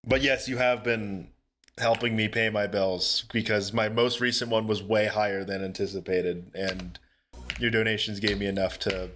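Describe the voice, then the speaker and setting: A man's voice: fairly low pitch, fairly bright tone. A young man talking casually to viewers during a live stream, earnest and chatty, swearing freely and laughing often. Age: young adult.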